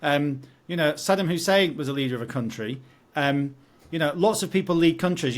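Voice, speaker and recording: A British man talks politics on a casual podcast at an everyday middle pitch. He is blunt and jokey, and he turns heated when he argues. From United Kingdom. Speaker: podcast co-host.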